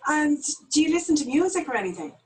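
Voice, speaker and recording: A woman's voice: sits high, very animated, quick pace, low-quality recording. A woman hosting an interview with brief, encouraging questions. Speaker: host.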